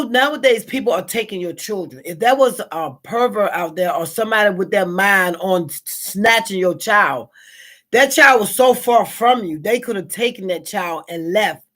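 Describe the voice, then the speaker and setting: A woman's voice: medium pitch, fairly bright tone. A woman with a Southern American accent hosting a live stream, talking through a casual reflection in a rambling way, with fillers and repeated words.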